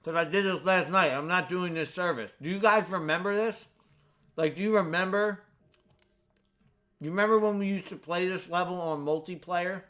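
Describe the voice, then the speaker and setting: Chatty bright-voiced American man gaming. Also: high-pitched, normal speed. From United States. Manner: rambling, chatty, full of fillers. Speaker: gaming streamer. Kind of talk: casual chat while playing a game.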